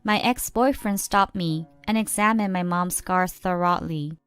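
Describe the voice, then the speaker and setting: A young woman narrating a first-person story in a plain, steady way. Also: lowish voice, unhurried, few pauses, smooth, soft background music.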